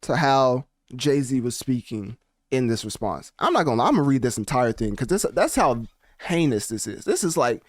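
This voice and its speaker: A man hosting a casual commentary video, talking in an animated, slangy and rambling way. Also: medium pitch, moderate pace, dry recording. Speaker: commentary channel host.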